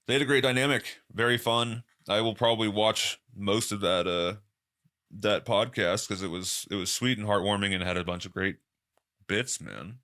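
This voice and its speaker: A man's voice: normal speed, bright, forceful tone. A man hosting a podcast, talking casually and rambling through stories. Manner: loose, rambling, quotes people in exaggerated high voices. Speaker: podcast host. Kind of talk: casual solo commentary.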